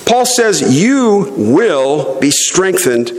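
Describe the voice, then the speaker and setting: A middle-aged man preaching a sermon as pastor, slow and emphatic, leaning hard on stressed words. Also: high-pitched, very animated, a little mellow, big-room sound, slight background noise, poor audio.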